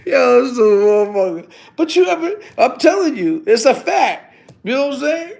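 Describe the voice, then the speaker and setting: A middle-aged man talking loudly to his livestream chat, laughing often, in heavy street slang. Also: very high-pitched, very animated, normal speed, gravelly. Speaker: livestream host.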